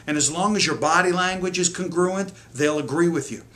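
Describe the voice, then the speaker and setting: A man's voice: fairly high pitch, a little fast, fairly bright tone. A middle-aged man coaching parents in an earnest, emphatic lesson to camera, acting out the lines parents say.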